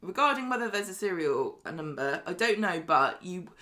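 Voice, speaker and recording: A woman co-hosting a casual chat show, opinionated and quick to laugh. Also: fairly low pitch. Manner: lively, opinionated, laughs often. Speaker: podcast co-host. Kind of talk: casual chat about a soap opera.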